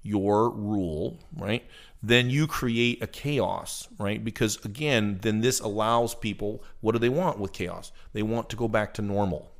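A man's voice: fairly low pitch, unhurried, gravelly. Man explaining with easy laughs. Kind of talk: casual talk show discussion.

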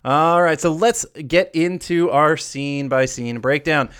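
A man's voice: on the high side, a little slow, a bit bright, smooth. A man in his thirties co-hosting a podcast, chatting casually through a movie breakdown and laughing often. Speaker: podcast co-host.

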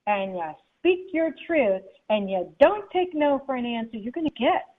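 The audio is tinny and phone-like as a woman, a guest author, relates a personal story in an interview. With a voice on the high side at normal speed, she animatedly performs the people she describes.

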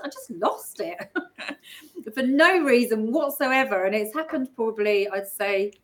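A woman telling a personal story in casual conversation, animated and often laughing. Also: medium pitch. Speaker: guest speaker.

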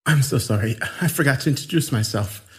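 A man's voice: medium pitch, fairly quick, fairly bright tone, faint music behind, voice pushed up, close to an everyday voice. A man voicing a giggly, unhinged young man in his mid-twenties who taunts and jokes casually. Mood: teasing. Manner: smirking, laughing, casual slangy taunts.

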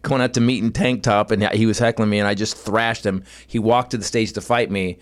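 Profane, animated male comedian telling stories. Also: fairly low pitch, brisk. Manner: animated, profane, laughing storyteller. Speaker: stand-up comedian. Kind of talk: storytelling in a podcast conversation.

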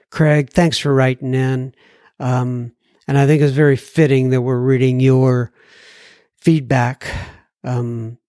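A man's voice: medium pitch, a little mellow, dry recording, clean studio sound. A man hosting a recovery podcast, reading listener mail with folksy asides, little jokes and frequent ums and self-corrections. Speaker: podcast host.

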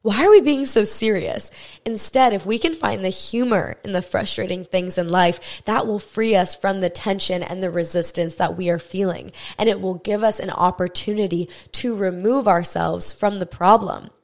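A woman's voice: medium pitch, moderate pace, vocal fry, few pauses. A young adult woman hosting a self-help podcast, talking straight to the listener in a frank, swearing, coaching way. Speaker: podcast host. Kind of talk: casual self-help monologue.

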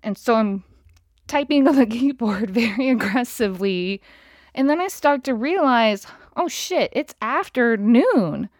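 A woman's voice: on the high side, expressive, unhurried, no echo. A woman telling a story about a bad day in a heated, exasperated way, swearing often as she rants. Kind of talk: casual angry storytime rant.

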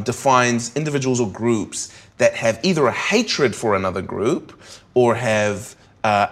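A comedian talking candidly in an interview, thinking aloud with frequent restarts and tag questions. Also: male voice, mid-range voice. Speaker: comedian guest.

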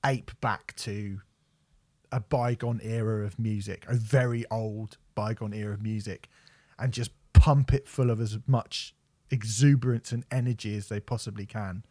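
A man's voice: on the low side, fairly even intonation, normal speed, mellow, dry recording. A young man co-hosting a music podcast, ranting and swearing as he mocks a record. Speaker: podcast co-host reviewing music. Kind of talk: casual chat.

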